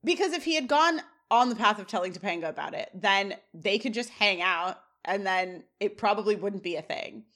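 A woman co-hosting a casual podcast, chatting and reading scene recaps in an animated way. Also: mid-range voice, moderate pace, few pauses. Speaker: podcast co-host.

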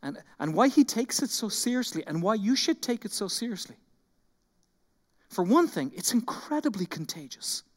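High-voiced pastor preaching in a reverberant hall. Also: male voice, normal speed. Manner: animated, acts out quoted complaints, drops to quiet intensity. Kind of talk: sermon.

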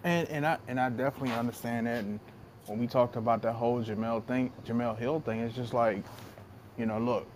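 A man co-hosting a casual sports talk podcast, calm and measured. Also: medium pitch. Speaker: podcast co-host.

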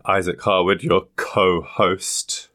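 A man's voice: low-pitched, little pitch movement, takes it slowly, pushed and bright. A young man co-hosting a podcast, chatting casually with crude jokes and frequent laughs. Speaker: podcast co-host. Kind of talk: casual chat.

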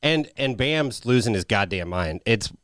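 A man's voice: fairly low pitch, measured pace, no echo, studio quality. Profane, easygoing male podcast co-host. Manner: profane, animated banter. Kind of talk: casual podcast chat.

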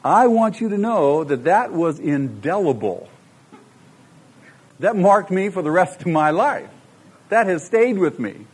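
A man's voice: high voice, big pitch swings, a little slow, long pauses, slightly rough. A middle-aged man preaching a sermon, emphatic and full of rhetorical questions to the congregation. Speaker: pastor.

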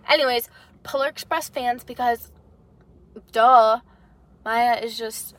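A woman's voice: fairly high pitch, slow pace, a bit bright, a little hiss or hum. Chatty young woman telling stories in a car. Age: young adult. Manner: chatty storyteller, teasing. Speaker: podcast co-host. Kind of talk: casual chat. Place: parked car.

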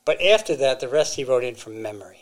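A man's voice: mid-range voice, lively intonation, fast talker. A man co-hosting a podcast, casually retelling a story with fillers and restarts. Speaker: podcast co-host.

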